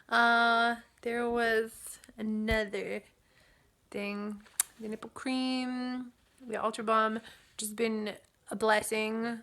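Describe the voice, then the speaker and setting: A young woman chatting casually as a vlogger about new motherhood, upbeat and relaxed with fillers and small laughs. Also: on the high side, slow pace, clear, resonant tone. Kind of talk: casual chat. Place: home nursery.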